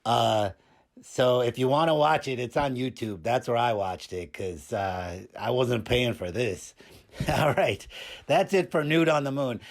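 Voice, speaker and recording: A man with a mid-range voice speaks at a measured pace in a natural tone, playing a cheeky, randy male puppet who reviews movies. He sounds bemused as he rambles and stammers through a comedic review packed with filler words.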